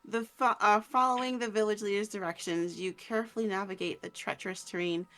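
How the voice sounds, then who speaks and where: A woman's voice: medium pitch, steady tone, a little fast, fairly bright tone. A woman narrating as game master over an online voice chat, giggly and tripping over her words.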